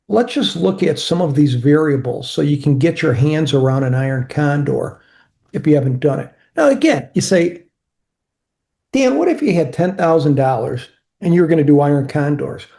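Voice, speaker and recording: Gravelly man explaining a trading setup. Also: a little high, darkish tone. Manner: conversational, answers imagined viewer questions himself. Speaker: options trading instructor. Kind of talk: screen-share trading walkthrough.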